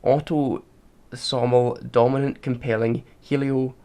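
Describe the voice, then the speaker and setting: Male podcast co-host, argumentative, mid pitch, casual chat. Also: little pitch movement, slow, mellow. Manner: argumentative, reads out facts.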